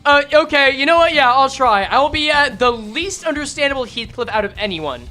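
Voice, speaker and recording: Animated, high-voiced woman streamer. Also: soft background music. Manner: playful, animated, quick banter with chat. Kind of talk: casual chat while reading a game aloud.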